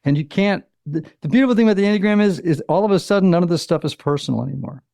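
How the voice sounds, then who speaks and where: A man in his sixties with a gravelly, slightly raised voice tells stories in a relaxed interview. He acts out little quotes and leans on "you know" as he talks, recorded close and dry with no room sound. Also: sits high, rapid-fire, no room sound. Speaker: author and psychotherapist, guest. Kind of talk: conversational interview.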